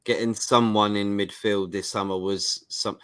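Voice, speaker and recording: Low-voiced casual podcast host. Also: male voice, fairly even intonation, unhurried, fairly bright tone, smooth. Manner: hesitant, stumbling, agreeable.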